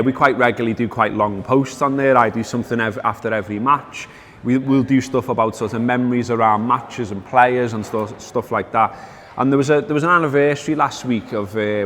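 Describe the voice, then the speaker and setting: A man's voice: medium pitch, fairly bright tone, big-room sound, a little hiss or hum. A man hosting a casual football chat, telling stories wryly, with lots of fillers. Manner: wry storytelling, reads out quotes, many fillers. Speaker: podcast host.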